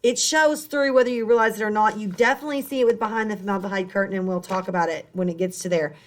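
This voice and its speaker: A woman high school English teacher giving a recorded online lesson, explaining step by step and rephrasing as she goes. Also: fairly even intonation, quick pace.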